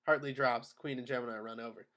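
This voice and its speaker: A man narrating the stage directions of a screenplay at a table read in a steady, matter-of-fact way. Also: mid-range voice, fast talker. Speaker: narrator of action lines.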